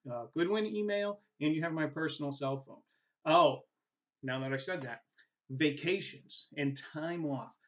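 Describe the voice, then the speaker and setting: A man's voice: a little high, a bit bright. A man with a New England accent, a college instructor talking casually through a recorded course welcome video, often checking in with "right?". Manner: casual and chatty, tags points with "right?", many "uh" fillers. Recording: dull lo-fi recording.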